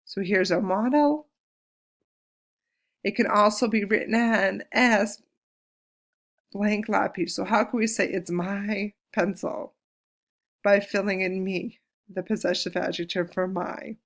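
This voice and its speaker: Casting note: woman, Spanish teacher, gravelly edge, patient and clear, slows down to model words. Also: mid-range voice. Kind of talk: recorded classroom lesson.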